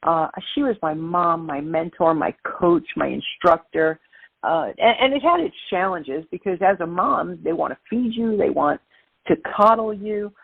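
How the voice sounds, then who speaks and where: Middle-aged brooklyn woman telling stories, husky, dry sound, phone-line quality. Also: lowish voice, moderate pace, no echo. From Brooklyn, New York. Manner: lively, animated storyteller. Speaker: guest. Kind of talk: interview storytelling.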